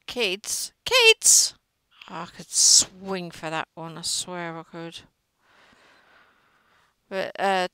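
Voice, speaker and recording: A woman's voice: mid-range voice, bright, forceful tone, clear, resonant tone, dry recording, rough recording. A middle-aged woman chatting and gossiping while she crochets, often trailing off mid-sentence. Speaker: crochet vlogger. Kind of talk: casual chat while crocheting.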